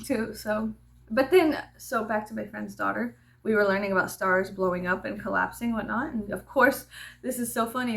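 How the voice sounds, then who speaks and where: A woman vlogger chatting casually, telling an animated, profane story with laughing asides. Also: medium pitch, gravelly.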